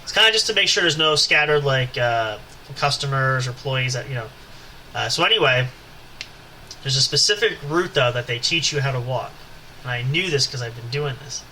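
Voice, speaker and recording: A man's voice: medium pitch, expressive, normal speed, sharp tone, slight background noise, low-quality recording. A man hosting a podcast, telling a long anecdote in a rambling, casual way with many fillers and asides. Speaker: podcast host. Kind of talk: casual storytelling.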